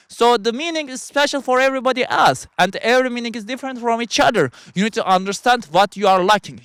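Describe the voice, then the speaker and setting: A high, bright-voiced man talks through a philosophical monologue in halting, second-language English. He keeps starting over and reaching for words, and his tone stays smooth and clear. The sound is close and dry, with no room around it. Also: no room sound. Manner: halting, rambling, frequent restarts. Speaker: podcast host.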